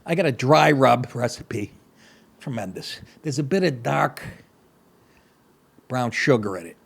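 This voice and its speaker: A man's voice: medium pitch, expressive, a little slow, creaky, husky. A middle-aged man hosting a comedy podcast, reading news stories aloud and breaking off into profane, sarcastic asides.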